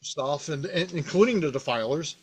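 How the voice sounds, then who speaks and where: Animated, rambling man telling a game story. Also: fairly high pitch, moderate pace, husky. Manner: rambling, animated, many fillers and restarts. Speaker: podcast host, game master. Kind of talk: casual storytelling about a past game.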